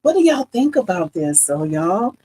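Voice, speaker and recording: A woman's voice: fairly low pitch, big pitch swings, moderate pace, warm tone, breathy edge, low-quality recording. A middle-aged woman hosting a casual live embroidery demo, chatting with viewers and laughing often. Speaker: embroidery livestream host.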